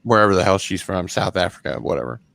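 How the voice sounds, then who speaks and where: Gravelly, hesitant man on a podcast. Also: low-pitched, expressive, fast talker, fairly bright tone, no echo. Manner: hesitant, curious questions. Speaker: podcast co-host. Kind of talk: casual chat.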